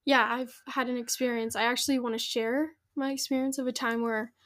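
A woman's voice: on the high side, little pitch movement, fairly quick, fairly bright tone. A young woman in her teens, a podcast guest, earnestly telling a personal story with frequent giggles. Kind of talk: casual podcast chat.

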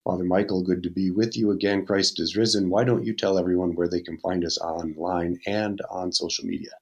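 A man, a priest, hosting a podcast with a measured delivery and a dry, sarcastic humor. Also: low voice, flat delivery, muffled recording. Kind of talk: podcast hosting, casual chat.

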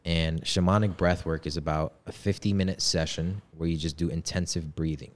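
Deep-voiced young man, laid-back storytelling. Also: fairly even intonation, normal speed. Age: 20s. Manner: laid-back slangy talk. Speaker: podcast guest. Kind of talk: casual storytelling.

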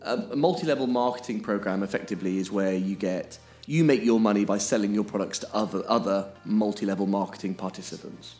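A man with a fairly low voice, co-hosting a podcast. He explains things emphatically and keeps checking that his listener is following. Faint music plays underneath. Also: fast, hardly any pauses, darkish tone. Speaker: podcast co-host.

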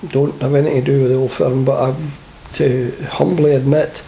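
A man's voice: medium pitch, level tone, moderate pace, vocal fry, mellow, a little hiss or hum. An older man with a Scottish accent, a former footballer telling humorous anecdotes in an interview and laughing along. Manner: chatty, humorous, laughs at his own stories. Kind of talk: anecdotal storytelling.

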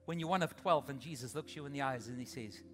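A middle-aged man preaching a sermon as pastor, swinging from loud emphatic peaks to soft intimate asides. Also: medium pitch, fast talker, faint music behind. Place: large church auditorium. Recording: long hall reverb.

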